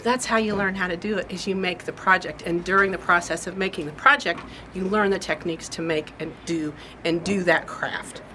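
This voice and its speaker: A woman's voice: fairly low pitch, fairly even intonation, fairly quick, hardly any pauses, sharp tone. A woman hosting a craft shop's update video, chatting in a rambling, homespun way about upcoming classes. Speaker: shop host and class teacher. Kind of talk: casual shop-update chat. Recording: noisy shop recording.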